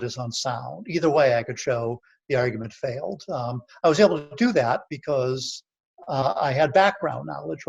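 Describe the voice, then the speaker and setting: A man's voice: mid-range voice, lo-fi sound. A man giving an online library lecture, explaining step by step and often checking in with "okay" and "right". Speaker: author giving a library presentation.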